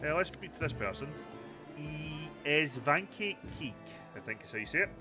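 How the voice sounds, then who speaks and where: A man's voice: on the high side, expressive, normal speed, music in the background. A man hosting a let's play, chatting casually and thinking aloud, with many small hesitations. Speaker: gaming channel host.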